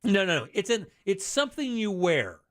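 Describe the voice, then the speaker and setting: A man's voice: sits high, big pitch swings, normal speed, fairly bright tone, dry recording, studio quality. A middle-aged man hosting a radio show, telling a story in casual chat and acting out the lines he quotes.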